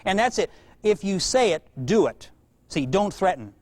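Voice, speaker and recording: Brief: male parenting educator, high, lively voice, warm storyteller who laughs at his own anecdotes, dry close sound. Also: moderate pace, dry recording. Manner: animated, acts out quoted voices, laughs at own stories. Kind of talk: storytelling lecture to a live audience.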